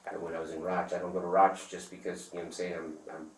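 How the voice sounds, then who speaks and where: A man telling a rambling, profane story in casual talk, acting out the other people's lines loudly. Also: low-pitched, flat delivery, fast. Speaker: interviewee. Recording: echoey room, far from the mic, faint noise.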